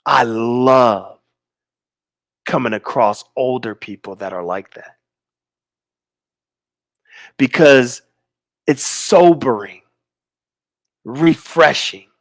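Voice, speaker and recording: A man in his forties hosts a livestream, reading viewers' comments in laid-back banter and slowing into emphatic stress on his key points. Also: mid-range voice, dry recording, studio quality. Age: 40s. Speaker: livestream host.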